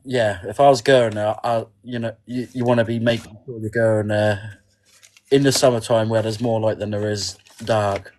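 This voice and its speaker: A man's voice: fairly low pitch, level tone, moderate pace, a little mellow, a little hiss or hum. A man guesting on a casual podcast, talking hesitantly with many fillers and reading a list aloud a bit stiffly.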